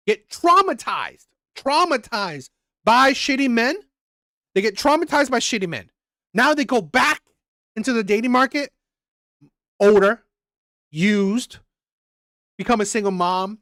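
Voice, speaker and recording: A man's voice: extremely high pitch, a bit bright, dry recording, studio quality. A man hosting a reaction channel, ranting heatedly and repeating himself as he talks over live chat comments. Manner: heated, repetitive, profane.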